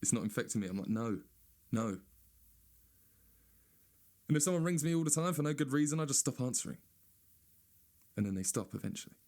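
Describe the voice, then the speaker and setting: A man doing a sweary, sarcastic stand-up rant, now and then mocking people in a high whiny voice. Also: lively intonation, very fast, darkish tone. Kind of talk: ranting stand-up monologue.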